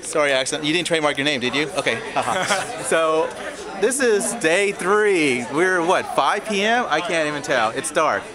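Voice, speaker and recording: A laid-back man interviews people at a fan convention, chummy and casual. His voice is a bit high and moves lively up and down, and crowd noise fills the outdoor space around him. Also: normal speed.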